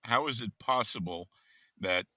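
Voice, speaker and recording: A man co-hosting a casual political chat, grave and emphatic in a gloomy way. His voice is low and very forceful, with a hard, tense edge. The sound is dry and close. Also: a little slow, dry recording. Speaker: podcast co-host.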